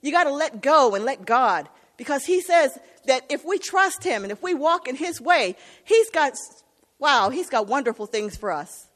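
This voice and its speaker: Woman preacher, high voice, passionate sermon delivery, long hall reverb. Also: lively intonation, normal speed, a bit bright. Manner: impassioned, calls for "Amen?". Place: church.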